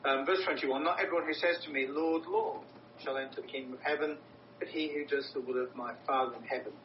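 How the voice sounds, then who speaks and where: A man's voice: fairly even intonation, fast talker. A man preaching a sermon in an earnest, emphatic way, often repeating words for stress. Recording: roomy, distant, dull with low rumble.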